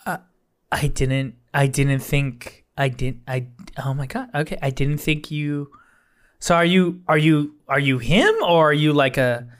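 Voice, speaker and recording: A nervous female newscaster trips over her words and keeps apologizing for the slight she fears she caused, as a man puts her on for a tabletop game. Her voice sits a little low and soft. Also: fairly even intonation, measured pace, lightly acted. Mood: flustered. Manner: stammering, repeated apologies.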